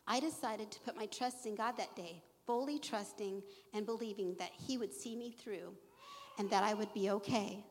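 A woman's voice: medium pitch, normal speed, slight background noise. A middle-aged woman sharing her faith testimony, earnest and emotional, quoting scripture to a live audience. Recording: long echo of a large hall.

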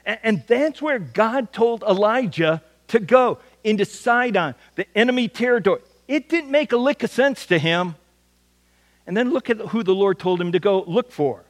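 A man preaching a sermon, his voice sitting fairly high. He talks in a homely, folksy way and keeps tripping over repeated words as he goes. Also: animated, normal speed, big-room sound. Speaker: pastor.

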